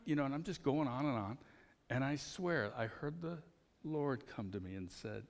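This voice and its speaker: A man preaching a conversational sermon as pastor, telling personal stories in an animated way. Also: mid-range voice, a little fast, in a large hall.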